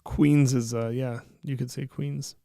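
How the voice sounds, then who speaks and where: A man hosts a casual live stream and reads viewer comments aloud with a joking, easygoing manner. His voice sits at an ordinary pitch with a gravelly edge. The sound is dry and close. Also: fairly even intonation, unhurried, warm tone, no echo. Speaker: streamer hosting a live chat.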